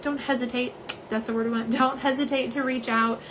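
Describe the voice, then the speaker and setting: A woman, chatting casually and warmly through a nail polish livestream at home, with lots of "um"s. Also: a little high, steady tone, brisk, noisy background. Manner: chatty, many "um"s, says "y'all".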